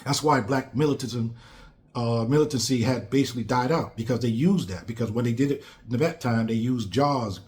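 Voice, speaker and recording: A man's voice: mid-range voice, brisk, darkish tone. A man giving a blunt, emphatic casual monologue on politics, repeating phrases for stress. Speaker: commentator.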